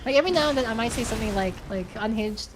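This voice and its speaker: Giggly Australian woman streamer, higher voice, rambling chat over a noisy hiss. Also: very fast. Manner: giggly, rambling, with restarts and fillers. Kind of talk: casual chat reading out viewer comments while gaming.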